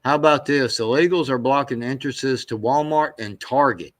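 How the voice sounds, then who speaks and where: A man of middle pitch hosts a casual show. He reacts to clips in rambling, foul-mouthed talk and often stumbles and restarts his sentences. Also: moderate pace. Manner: rambling, profane, stammering restarts. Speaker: show host.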